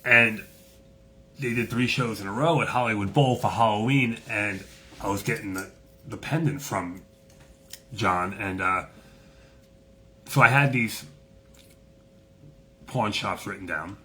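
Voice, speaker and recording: A man's voice: fairly low pitch, a little slow, pauses often, pushed and bright. A man hosting a casual chat, telling a story in a profane, swaggering way and acting out the people in it. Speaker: host.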